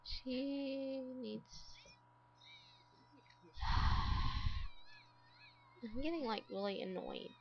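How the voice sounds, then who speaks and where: A woman's voice: high-pitched, huge pitch swings, very slow, pauses often, highs cut off, slight background noise. A woman giving casual gameplay commentary as a let's play host, exasperated and talking to the game characters.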